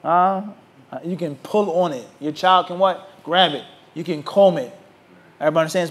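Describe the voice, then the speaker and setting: A man's voice: a little high, fairly quick. A man teaching a religious lecture, often asking his students to finish his sentences and mocking opposing views. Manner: animated, mocks opposing views in put-on voices. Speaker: Islamic teacher. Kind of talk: lecture to a class.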